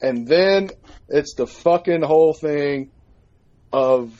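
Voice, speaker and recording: A man telling a story in a casual chat, profane and animated as he recounts it. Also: a little high, slow pace, dull audio. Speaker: podcast co-host.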